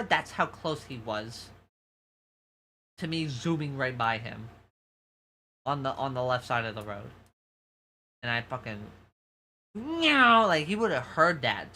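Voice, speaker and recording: Bright-voiced streamer with a New York accent. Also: male voice, mid-range voice. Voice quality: soft feminine-sounding voice. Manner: rambling, profane storytelling to chat. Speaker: VTuber streamer. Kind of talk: casual livestream chat.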